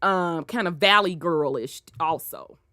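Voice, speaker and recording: A woman with a Southern accent hosting an online talk show, telling stories in a loud, animated way with plenty of profanity. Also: lowish voice, a little slow, no room sound, clean studio sound. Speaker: host. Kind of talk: casual chat.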